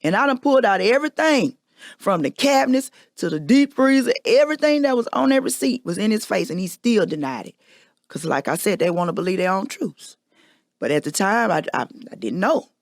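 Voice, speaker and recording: A woman's voice: medium pitch, sing-song, brisk, dry recording, studio quality. A woman hosting a podcast, telling a personal confession in a candid, emphatic storytelling manner. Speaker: podcast host.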